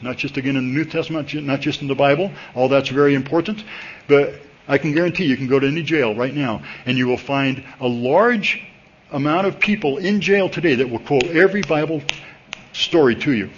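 A man preaching a sermon at a church service, talking to the congregation in a conversational, animated way and jumping up in pitch when he gets excited. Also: fairly quick, husky. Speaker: pastor. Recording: dull lo-fi recording.

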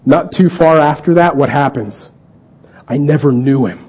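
Earnest preacher man with a mellow voice. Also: on the high side, unhurried, slightly rough. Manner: earnest, acts out quoted dialogue. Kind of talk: sermon. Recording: dull lo-fi recording.

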